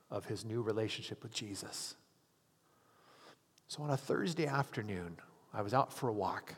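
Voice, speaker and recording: A man's voice: lowish voice, husky. A hospital chaplain telling a story in a sermon, earnestly acting out the people he quotes. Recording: long hall reverb.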